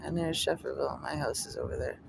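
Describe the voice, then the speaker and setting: A woman's voice: rumbling low, fairly even intonation, fast, vocal fry, noisy background. A woman giving a casual outdoor tour, chatty and admiring, cooing at her dog. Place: outdoors in a remote northern town. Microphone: handheld camera while riding an ATV.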